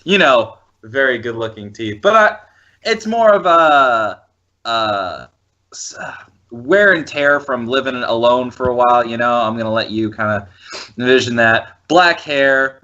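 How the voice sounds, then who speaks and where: A man's voice: medium pitch, pushed and bright. Rambling man on a dull lo-fi recording. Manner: rambling, chuckling. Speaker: player. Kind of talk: casual tabletop role-play. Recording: dull lo-fi audio.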